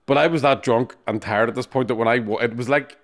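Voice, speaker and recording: A man, co-hosting a podcast, telling profane stories at a rapid clip and often laughing. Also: medium pitch, fairly even intonation. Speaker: podcast co-host. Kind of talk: casual storytelling chat.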